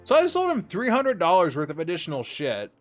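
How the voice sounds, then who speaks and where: A young adult man streaming from a home setup, chatting casually and telling stories with lots of swearing and sudden excited bursts, with faint music behind him. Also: high voice, brisk. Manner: profane, animated storytelling with bursts of excitement. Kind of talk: casual gaming stream chat.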